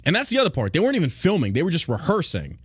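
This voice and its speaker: A man's voice: on the high side, huge pitch swings, rapid-fire, husky, dry recording. A man hosting a podcast, talking bluntly and profanely in a mocking, opinionated rant. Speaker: podcast host.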